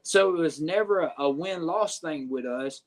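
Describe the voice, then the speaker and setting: A man's voice: a little high, moderate pace. Profane man telling a story. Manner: profane, animated retelling with lots of filler phrases. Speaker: podcast guest. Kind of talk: casual storytelling.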